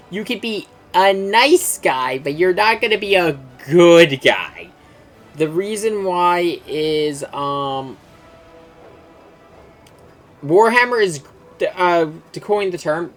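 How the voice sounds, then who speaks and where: Excitable rambling game streamer. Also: medium pitch. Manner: enthusiastic, rambling, swears freely, many fillers. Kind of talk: casual lore explanation on a game stream.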